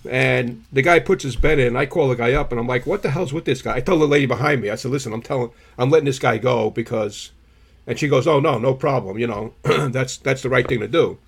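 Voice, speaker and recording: A man, co-hosting a podcast, tells rambling stories in a husky voice and keeps clearing his irritated throat. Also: mid-range voice, quick pace. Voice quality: gravelly, husky. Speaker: podcast co-host. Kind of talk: casual storytelling chat.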